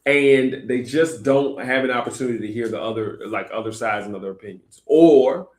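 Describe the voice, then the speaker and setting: A man's voice: mid-range voice, moderate pace, roomy sound. A man hosting a Christian discussion show, talking earnestly with many fillers and restarts. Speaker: host.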